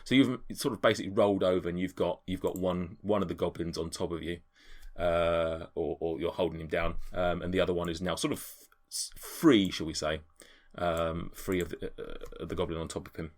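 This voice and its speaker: A man narrating as game master for a tabletop game, talking in a halting way with frequent restarts. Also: low voice, steady tone. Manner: halting, with many restarts and fillers.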